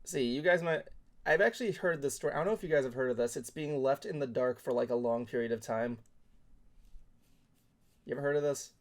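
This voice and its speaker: A man's voice: medium pitch, a little fast, long pauses. A man co-hosting a casual talk show, rambling with many filler words. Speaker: podcast co-host. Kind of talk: casual chat.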